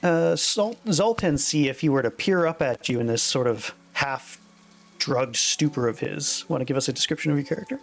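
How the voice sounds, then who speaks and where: A man narrating as dungeon master, relaxed and halting, with many fillers, over a voice call. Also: a little high, gravelly. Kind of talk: narrating a tabletop game.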